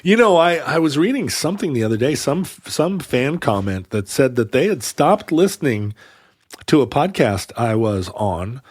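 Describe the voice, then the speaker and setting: A man chats as a podcast co-host, animated and quick to laugh. His pitch swings widely as he jokes. The studio sound is close and dry. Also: slightly rough, no echo. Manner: animated, joking, laughs often. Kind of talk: casual chat and scripted intro.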